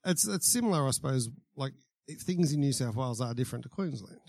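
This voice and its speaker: A man's voice: mid-range voice, animated, quick pace, gravelly, darkish tone, no echo, studio quality. An Australian man with an Australian accent, hosting a chatty, casual interview. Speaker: podcast host.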